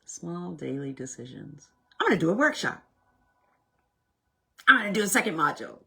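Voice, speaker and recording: Husky, forceful woman leading a workshop. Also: on the low side, normal speed. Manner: animated, swings between loud and hushed. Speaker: self-help workshop leader. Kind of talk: casual motivational workshop talk.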